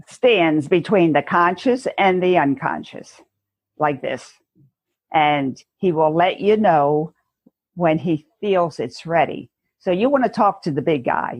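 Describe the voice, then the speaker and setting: A woman guest speaking earnestly in a conversational interview, telling stories and acting out inner voices, with a husky voice. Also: low voice, no room sound, lo-fi sound. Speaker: guest educator.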